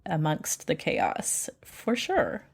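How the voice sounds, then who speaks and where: A woman in her thirties hosts a casual podcast interview. She is chatty and encouraging, with a somewhat low voice. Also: huge pitch swings, takes it slowly, gravelly, slight background noise. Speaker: podcast host.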